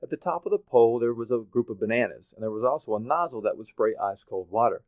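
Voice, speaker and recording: Motivational speaker from Oklahoma, dry tinny sound. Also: male voice, mid-range voice, fast talker, dry recording. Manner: animated storytelling, acts out voices and laughs. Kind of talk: motivational talk. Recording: dry, phone-like narrow sound.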